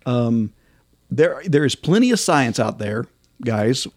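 A man's voice: mid-range voice, big pitch swings, slow pace, no room sound, clean studio sound. A man co-hosting a casual podcast, talking in a rambling way with lots of fillers and restarts. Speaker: podcast co-host.

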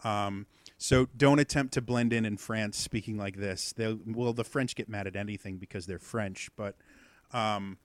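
A man's voice: lowish voice, fairly even intonation, moderate pace. A man guesting on a podcast, explaining accents in a rambling, casual way full of ums and uhs.

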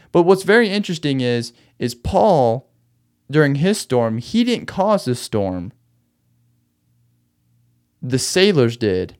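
A man's voice: mid-range voice, a little mellow, smooth. A man hosting a podcast, retelling a Bible story in a loose, chatty way with slangy asides. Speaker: podcast host.

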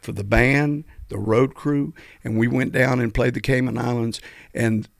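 An older man, his voice gravelly and fried at the edges. He tells road stories with animation and lectures firmly about the music trade. The sound is close and dry. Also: mid-range voice, unhurried, dry recording. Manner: animated storyteller, preachy about the music business. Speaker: guest musician. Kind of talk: storytelling in a podcast interview.

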